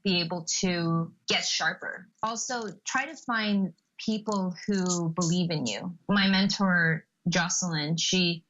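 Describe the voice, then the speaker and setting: Young woman guest on a podcast, bright tense voice, animated storyteller, kinda dull lo-fi sound. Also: lowish voice, takes it slowly, few pauses. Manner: lively storyteller, acts out quotes with laughs. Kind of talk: casual interview chat.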